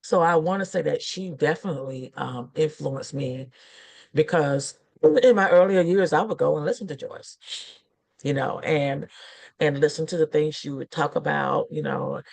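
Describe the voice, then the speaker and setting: A woman's voice: low-pitched, moderate pace, gravelly, darkish tone. A middle-aged woman minister chatting casually, rambling and laughing through her stories with lots of fillers. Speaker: guest minister. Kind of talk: casual chat.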